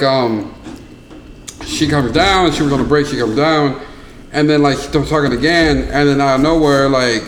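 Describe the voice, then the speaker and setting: A young man on a casual podcast, telling a story in an animated way with lots of crude slang. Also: mid-range voice. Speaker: podcast co-host. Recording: echoey room with faint noise.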